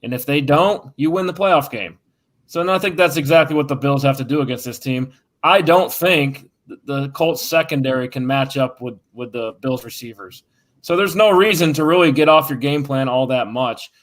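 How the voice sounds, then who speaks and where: A man's voice: medium pitch, normal speed. A man giving plainspoken, conversational analysis on a casual sports show. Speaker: podcast co-host.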